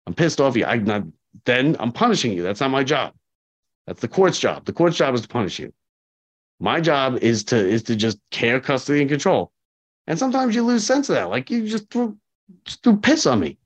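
Animated man telling work stories. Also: medium pitch, moderate pace. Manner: animated, acts out dialogue, repeats himself for emphasis. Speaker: corrections officer. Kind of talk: casual interview storytelling. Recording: slightly dull lo-fi audio.

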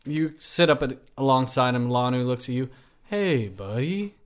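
A man running a tabletop game as game master, narrating in a relaxed way and laughing often. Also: mid-range voice, fairly quick, clear, resonant tone.

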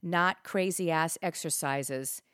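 A woman's voice: deep voice, slow pace, a bit bright, clear, resonant tone, dry recording. A middle-aged woman talks listeners through a fitness plan in a casual, upbeat way. She coaches with emphatic pushes, close to the mic in a dry, deadened space. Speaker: fitness podcast host. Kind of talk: casual instructional talk.

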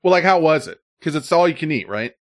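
Man, casual host, lively pitch, laughing, animated storyteller. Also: fast. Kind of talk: casual chat.

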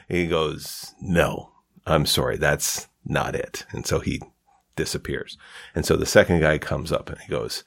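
A man's voice: measured pace, gravelly. A man hosting a podcast, telling a long joke and jumping into character voices as he goes. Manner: animated storyteller, acts out characters with pitch jumps. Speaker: podcast host.

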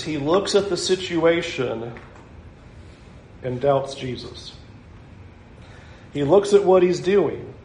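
Male pastor, unhurried delivery, slightly high voice, echoey room with faint hiss. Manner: animated, acts out scenes with laughs. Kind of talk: sermon.

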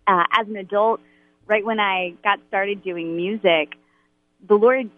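A woman musician candidly sharing a faith testimony in a radio interview, with nervous laughter between phrases. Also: fairly low pitch. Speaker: Catholic worship musician, guest. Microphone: phone. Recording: tinny phone line.

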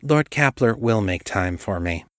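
A man's voice: lowish voice, animated, a little slow, no room sound. A firm, purposeful woman investigator presses politely for answers, as a male narrator puts her on. The voice is raised above his own, the delivery controlled and direct. The recording is dry and close.

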